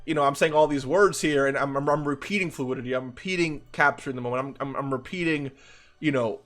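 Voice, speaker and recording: A young gaming YouTuber reacts excitedly to game animations, gushing and restarting his sentences while calling the viewer dude and bro. His pitch is medium and he talks fast.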